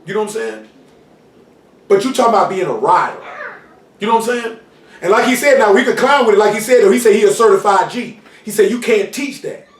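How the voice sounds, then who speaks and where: A man preaching an informal sermon in street slang, often asking "you know what I'm saying" and shouting for emphasis. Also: high voice, animated, fast, long pauses. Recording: roomy hall, mic far off, faint noise.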